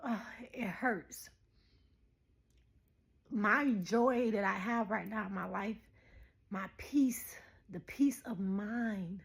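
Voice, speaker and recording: A woman in her thirties talking straight to her viewers in a casual spiritual message, animated and preachy, laughing often. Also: medium pitch, slow pace, gravelly. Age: 30s. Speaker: spiritual vlogger.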